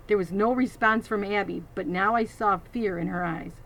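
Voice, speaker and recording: A woman's voice: medium pitch, moderate pace, hardly any pauses, a bit bright, low-quality recording. A woman reading a children's novel aloud, adding teacherly asides to her listeners. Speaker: reader.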